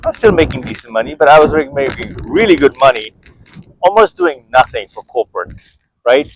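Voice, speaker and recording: A man's voice: medium pitch, expressive, brisk, slightly rough, low-quality recording. A middle-aged man talking casually to camera as a fitness vlogger while walking outdoors, rambling and self-motivating with many restarts.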